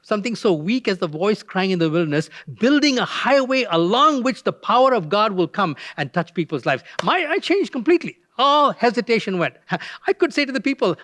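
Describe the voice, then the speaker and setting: A man's voice: sits high, big pitch swings, a little fast, a bit bright, dry recording. An older retired pastor preaching a guest sermon, telling a personal story in a conversational way and acting out the voices he quotes.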